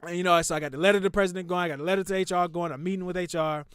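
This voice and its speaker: A young man hosting a podcast, telling a long story in a loud, profane, animated way that drops to muttering. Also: high-pitched, racing, smooth, no room sound, clean studio sound. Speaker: podcast host.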